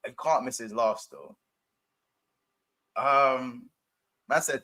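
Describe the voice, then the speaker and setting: A young man in casual football chat, excitable and slangy, given to animated rants. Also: mid-range voice, slow pace.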